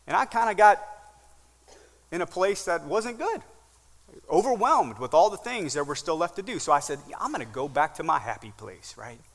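A man in his forties preaching a sermon as pastor, swinging from hushed lines to loud ones. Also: a little high, sing-song, moderate pace, in a large hall. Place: church sanctuary.

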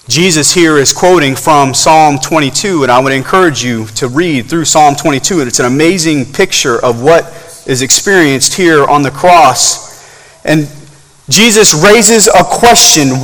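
A man's voice: lively intonation, unhurried. Man preaching in a reverberant hall. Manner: dynamic preaching, swinging between loud emphatic climbs and soft low passages. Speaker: pastor. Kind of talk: sermon. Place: church on a service night.

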